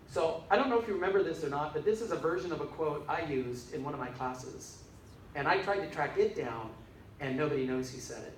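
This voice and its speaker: A man's voice: a little high, expressive, a little fast. An older man, a minister giving a casual, rambling dharma talk with frequent chuckles. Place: church hall. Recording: echoey hall, mic far off, faint hiss.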